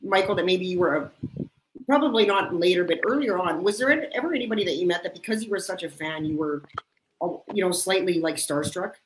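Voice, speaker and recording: A woman hosting a casual interview, lively and quick to react with laughter. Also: fairly low pitch. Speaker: podcast host. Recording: echoey room with background noise.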